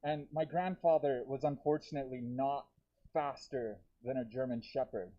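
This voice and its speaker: A man performing a live stand-up set with dark, deadpan jokes and self-aware asides to the audience, talking through a deer mask. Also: medium pitch, normal speed, highs cut off. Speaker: stand-up comedian. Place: comedy theater stage.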